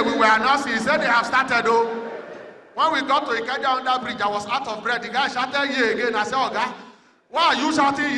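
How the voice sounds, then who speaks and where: A man with a Nigerian accent, a comedian and MC performing stand-up at a live event, telling animated stories and acting out characters with sudden shouts. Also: very high voice, a little hiss or hum. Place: large indoor event hall. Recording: long reverb of a large event hall.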